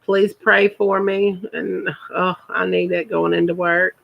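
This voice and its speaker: A woman's voice: on the low side, little pitch movement, measured pace, vocal fry, dull audio. A woman, chatting casually on her first live stream and repeating words for emphasis.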